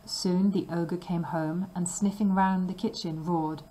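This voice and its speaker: Woman, storybook narrator, fairly low voice, clear measured reading for learners. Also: steady tone, mellow, a little hiss or hum, rough recording.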